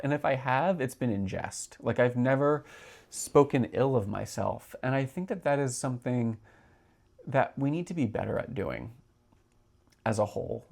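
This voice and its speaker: A man's voice: medium pitch, lively intonation, moderate pace, creaky, a little mellow. A man in his thirties hosting a solo podcast, talking in a chatty, rambling way with many filler words. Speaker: podcast host.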